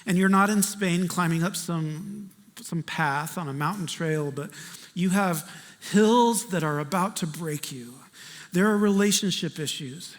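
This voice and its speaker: A male pastor preaching a storytelling sermon in a conversational, animated way, swinging between loud and hushed. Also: high-pitched. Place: church sanctuary. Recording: reverberant church hall.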